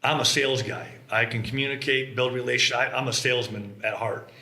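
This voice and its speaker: A man recounting how his business began, with a bright, forward voice. He tells his stories with animation and acts out the quotes. The room around him rings with echo. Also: mid-range voice, steady tone, brisk. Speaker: co-founder of a mobile home business. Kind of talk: casual conversation. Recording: roomy echo.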